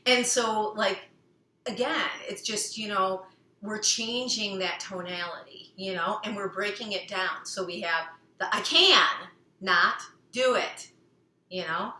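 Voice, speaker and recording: A woman gives a casual self-help talk, rambling along with many fillers. Her voice is bright and forceful, and she sometimes sings a phrase playfully. The room adds a noticeable echo. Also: mid-range voice, fairly even intonation, unhurried. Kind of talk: casual personal talk on healing. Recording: echoey room.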